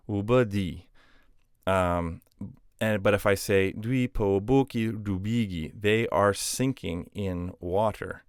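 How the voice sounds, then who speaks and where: A man's voice: low voice, smooth, no echo, studio quality. A man teaching a grammar lesson, explaining patiently step by step with spoken examples. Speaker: language teacher.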